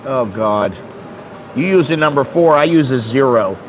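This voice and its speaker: A man's voice: medium pitch, animated, normal speed, highs cut off, noisy background. A man in his sixties from the United States, rambling bluntly and with some swearing in a casual livestream chat. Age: 60s. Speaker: streamer.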